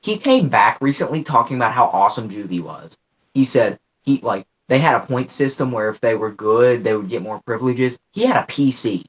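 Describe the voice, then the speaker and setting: A man in a casual podcast chat, talking in a laid-back way and making joking, deadpan asides. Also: mid-range voice, brisk, husky. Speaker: podcast co-host. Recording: muffled lo-fi audio.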